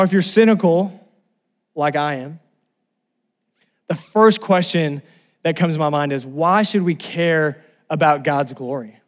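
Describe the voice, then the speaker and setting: A man from Los Angeles preaching a sermon, telling a personal story and rising to loud exclamations. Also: on the high side. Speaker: pastor.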